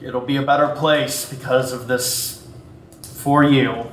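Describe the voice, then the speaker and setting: A man voicing a cold, dismissive armored man who speaks flatly and curtly, recorded with a roomy echo. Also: mid-range voice, slow pace, slight background noise, close to an everyday voice. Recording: roomy echo, faint music.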